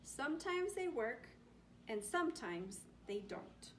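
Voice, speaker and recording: A woman voicing a timid young male bullfrog in a storybook, in a high, anxious voice. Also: sing-song, slow pace, recorded from a distance, a little hiss or hum, exaggerated voice. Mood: wistful.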